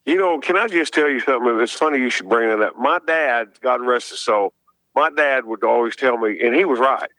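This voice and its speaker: A man's voice: mid-range voice, brisk, bright, forceful tone, no room sound, poor audio. An older man, a guest actor, chatting casually in a radio interview with rambling stories.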